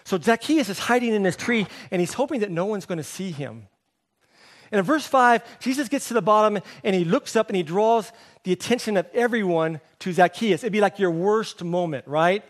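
High-voiced man preaching animatedly. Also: brisk. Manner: animated storytelling, voicing quoted characters; drops to a soft, low voice for emphasis. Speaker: pastor. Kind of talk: sermon.

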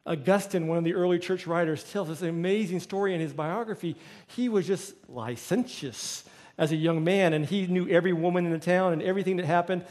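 A middle-aged man, a pastor, preaching a sermon with lively storytelling and acted-out quotes. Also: sits high, fairly quick. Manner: storytelling, acts out quoted voices.

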